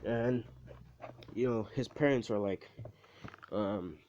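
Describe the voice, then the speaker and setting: Low-voiced man rambling through a story. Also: slow pace, a little mellow, highs cut off, slight background noise. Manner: rambling, profane, lots of fillers and restarts. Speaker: video creator. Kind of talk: casual storytelling.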